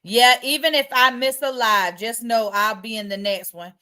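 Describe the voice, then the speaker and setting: A woman's voice: a little high, normal speed. Chatty woman hosting a livestream. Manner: chatty, reads viewer comments aloud; colloquial, relaxed slang. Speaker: livestream host. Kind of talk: casual livestream chat.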